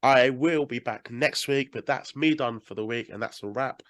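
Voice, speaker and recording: A man's voice: medium pitch, normal speed, no echo. A British man with a stuffy cold, hosting a casual podcast interview in a chatty, rambling way and swearing now and then. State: congested with a cold. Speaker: podcast host.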